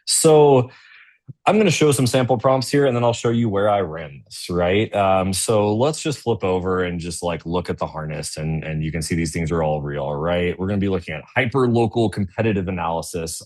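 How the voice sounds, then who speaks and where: Deep-ish guy running a webinar demo, chatty, lots of "right?". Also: fairly quick, a little mellow. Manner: conversational, tags sentences with "right?". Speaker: webinar presenter. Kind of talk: casual business webinar walkthrough.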